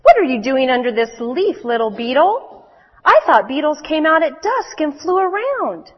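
A woman's voice: high-pitched, big pitch swings, normal speed, big-room sound, lo-fi sound, voice pushed up. A woman doing a kind, wise cat. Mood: curious. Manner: gentle, reassuring.

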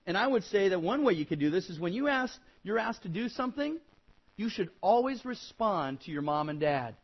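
On a muffled recording, a man teaches a children's Bible lesson, admonishing emphatically and repetitively and becoming animated as he acts out whiny kid replies. His voice is high-pitched and slightly rough, and he speaks briskly.

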